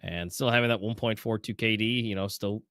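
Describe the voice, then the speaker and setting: A man's voice: lowish voice, steady tone, fairly quick, fairly bright tone, no echo, clean studio sound. A man casting an esports match live, breaking down player stats in an analytical way with frequent "you know" fillers. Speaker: esports caster.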